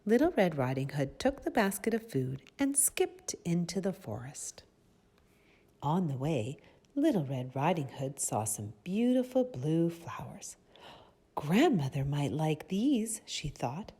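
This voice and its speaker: A woman reads a storybook aloud to children, slow and gentle. Her voice is low and mellow with a husky edge. She lets the melody rise and fall widely and stops to ask her young listeners questions. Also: big pitch swings.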